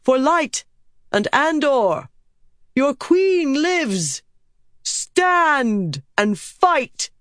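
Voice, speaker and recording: A woman voicing a young queen who shouts commands to rally her soldiers in battle. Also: on the low side, unhurried, few pauses, dry recording, clean studio sound.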